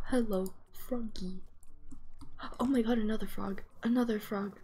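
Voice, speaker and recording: A woman streamer giving live gameplay commentary, excitable and gasping as she talks to herself and her chat. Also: medium pitch, measured pace, slight background noise.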